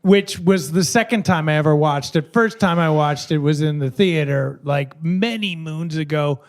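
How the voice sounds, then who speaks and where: Male podcast co-host, fairly high voice, dry mock-formal delivery. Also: normal speed. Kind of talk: casual chat.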